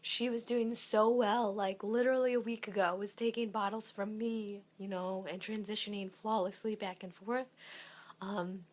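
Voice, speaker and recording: A woman's voice: medium pitch, steady tone, normal speed. A young woman, a mother, giving a casual vlog update while sick and losing her voice, chatty and full of ums. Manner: chatty, lots of ums and likes. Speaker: parenting vlogger. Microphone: handheld camera, shaky.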